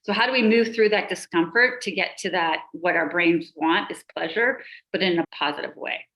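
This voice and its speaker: A middle-aged woman, a pediatrician and life coach, explaining emotions on a podcast and listing examples in a steady rhythm. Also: lowish voice, moderate pace, rough recording.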